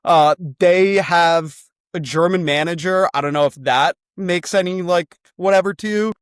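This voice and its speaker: Excitable young man with a dry voice. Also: high-pitched, moderate pace, smooth, dry recording. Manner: excitable, rambling, swears freely. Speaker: co-host pitching a football club. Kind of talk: comedic sales pitch.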